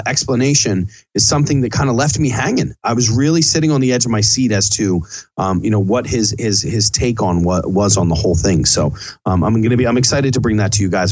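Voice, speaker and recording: A man's voice: mid-range voice, dry recording. A middle-aged man, a chef, hosting a casual podcast in a loose, rambling, chatty way.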